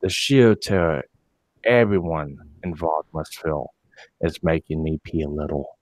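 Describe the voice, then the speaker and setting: A man putting on a deep, slow, sultry reading voice. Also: dry recording. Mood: deadpan sarcastic. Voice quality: low, slow, deadpan delivery. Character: deep sultry-voiced male article reader. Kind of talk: reading an article aloud in a put-on voice.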